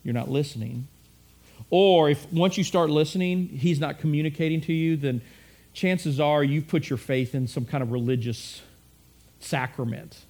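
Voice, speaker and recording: A man's voice: fairly high pitch, fairly even intonation, moderate pace, a little mellow. A middle-aged man preaching a sermon in a conversational way, repeating phrases and acting out quotes. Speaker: pastor.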